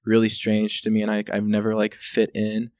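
A man's voice: fairly low pitch, completely flat delivery, normal speed, a little mellow, dry recording, studio quality. A man talking in casual podcast chat as a guest, heartfelt and rambling with many fillers.

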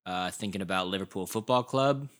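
A man co-hosting a podcast, talking in a relaxed, chatty way with lots of fillers. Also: low voice, fairly quick. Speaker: podcast co-host. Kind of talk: casual chat.

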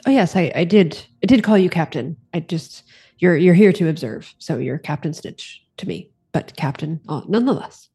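A woman's voice: low voice, animated, normal speed, mellow, husky, faint music behind. A woman playing a tabletop game, answering in character with a sassy, teasing manner. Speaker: player. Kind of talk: in-character tabletop role-play.

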